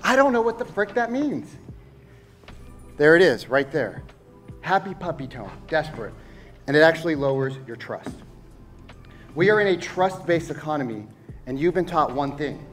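A man is coaching salespeople from a stage, his voice sitting a little high. He talks in an animated, rhetorical way and keeps asking the room questions. Faint music runs underneath. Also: normal speed, long pauses. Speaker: sales trainer. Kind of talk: stage talk to an audience. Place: stage before a live audience.

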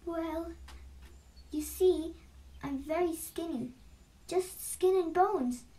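A woman's voice: extremely high pitch, slow, warm tone, voice pushed up. A woman voicing a tiny, frightened baby billy goat who pleads in a small voice, heard from a distant mic. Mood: pleading.

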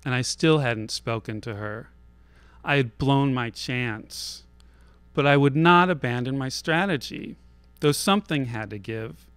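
Slow, wry male storyteller. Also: mid-range voice, fairly bright tone, clean tone, no echo. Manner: wry, self-deprecating, deliberate. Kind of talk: live personal storytelling. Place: theater stage, live show.

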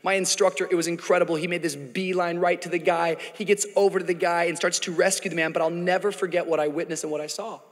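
A man preaching a sermon as pastor, dramatic and building to shouts in a large church auditorium. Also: high-pitched, fairly even intonation, fast, few pauses. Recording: church hall reverb, faint music.

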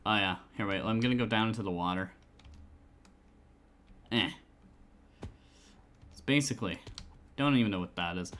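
A man's voice: fairly low pitch, fairly bright tone. A man chatting casually while streaming a survival game, rambling with lots of fillers and self-talk. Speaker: gamer streaming a survival server.

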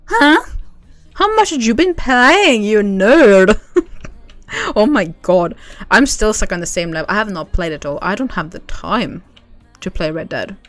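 On a casual game livestream, a young woman from Sweden chats with her viewers, giggling, bubbly, and reading the chat aloud. Her voice is medium-pitched and fairly bright, with no echo.

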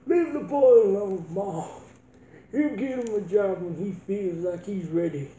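A gruff, hard-drinking country dad blusters in a folksy drawl, as a man puts him on. His voice is dark and mellow, and his speech drags slowly. The room rings with a noticeable echo. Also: high voice. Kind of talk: comedic sketch acting. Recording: roomy echo.

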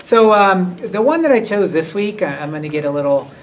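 A man's voice: high voice, lively intonation, a little fast. Rambling man on a distant mic. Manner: rambling and hesitant, many fillers. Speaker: school staff presenting character awards. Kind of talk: casual unscripted school announcement. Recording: distant mic with faint noise.

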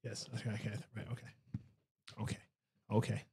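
A man's voice: lowish voice, monotone, gravelly, darkish tone, husky. A Northern Irish man playing a video game, reading aloud and cracking dry jokes. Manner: dry, jokey, reads aloud slowly. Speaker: game player. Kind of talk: casual gaming chat.

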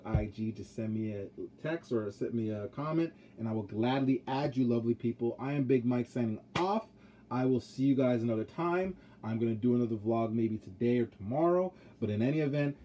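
Young man vlogging, mellow voice, swears bluntly, faint room hum. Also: mid-range voice. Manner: profane, blunt storytelling with frequent fillers. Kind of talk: casual vlog storytelling.

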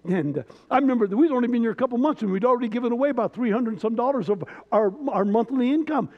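A middle-aged man preaching a live sermon, his voice strikingly high for a man. He moves between loud, shouted emphasis and quiet, halting stories. The recording sounds slightly muffled and carries the long reverb of a church hall. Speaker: pastor. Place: church sanctuary.

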